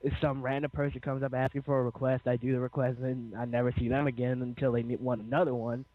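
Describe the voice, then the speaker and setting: A man's voice: medium pitch, flat delivery, fast talker, no echo. A male guest in a casual online chat, talking hesitantly with many fillers. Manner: hesitant, lots of "like". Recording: tinny call line.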